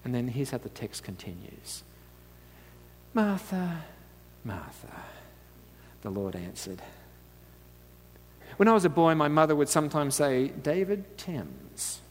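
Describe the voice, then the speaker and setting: A man's voice: mid-range voice, animated, moderate pace, slight background noise. Chatty man preaching in a reverberant hall. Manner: chatty, asks the audience "right?", laughs often. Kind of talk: conversational sermon.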